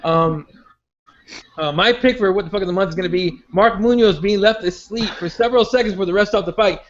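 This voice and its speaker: A man with a noticeably high voice hosts a casual podcast chat. He rambles, repeats words and restarts his sentences, and the recording sounds dull and lo-fi. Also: fairly quick. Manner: rambling, many restarts and fillers. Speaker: podcast host.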